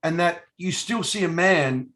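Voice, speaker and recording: A man's voice: on the high side, unhurried, a bit bright. A middle-aged man, an actor being interviewed, talking casually in a rambling, hesitant way with many fillers and restarts. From Australia. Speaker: actor guest.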